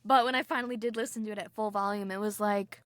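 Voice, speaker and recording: A woman from the cast chatting casually about a production, offering praise with plenty of fillers, restarts and soft laughs. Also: medium pitch, fairly even intonation, quick pace, no echo. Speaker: cast member. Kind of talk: casual behind-the-scenes discussion.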